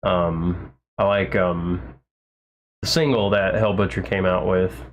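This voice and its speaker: A man's voice: deep voice, fairly even intonation, slow pace. A man chatting casually on a livestream, rambling with lots of fillers and restarts and gushing with enthusiasm. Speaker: livestream host.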